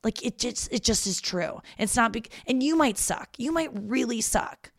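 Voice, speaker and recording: A woman's voice: a little high, expressive, normal speed, no room sound, studio quality. A young woman hosting a casual advice podcast, frank and profane, talking a listener through heartbreak in a reassuring way. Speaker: podcast host giving advice.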